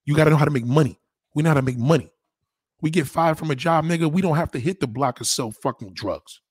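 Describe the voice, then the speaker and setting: New guy going off, swearing nonstop, kinda husky, dry close mic. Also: fast, no echo. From New York. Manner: profane, animated, swinging pitch. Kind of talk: casual rant.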